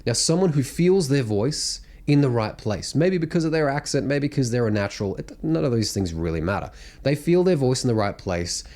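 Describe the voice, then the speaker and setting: Animated, blunt male singing coach. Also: mid-range voice, a little fast. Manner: blunt, animated teaching with sung and hummed demonstrations. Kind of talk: vocal technique lesson to camera.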